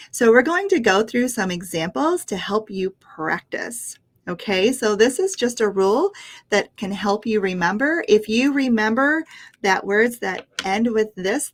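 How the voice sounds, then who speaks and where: A woman with an American accent teaching English pronunciation, patient and encouraging, often laughing lightly as she explains. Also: mid-range voice. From United States. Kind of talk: pronunciation lesson.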